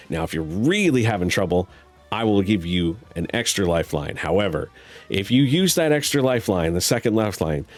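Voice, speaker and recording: A man with a somewhat low voice hosts a streamed game show. He keeps up a running stream of teasing, crude jokes as he explains the rounds to his guest. Faint music plays behind him. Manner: joking, teasing, bawdy patter.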